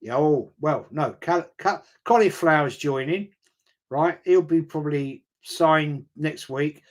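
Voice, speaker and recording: A middle-aged man chatting through a live football watch-along stream, rambling and excitable and swearing freely. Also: a little high, takes it slowly.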